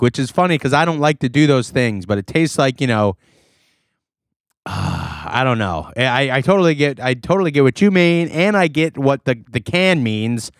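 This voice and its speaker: A man's voice: a little high, no room sound. Male podcast co-host, goofy rambler, dry close sound. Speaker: podcast co-host reviewing beer. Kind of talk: casual chat.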